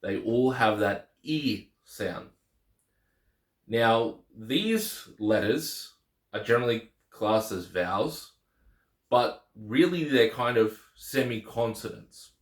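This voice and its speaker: A man's voice: medium pitch, animated, slow, reverberant. A man teaching the Greek alphabet in a casual lesson, patiently repeating each letter name.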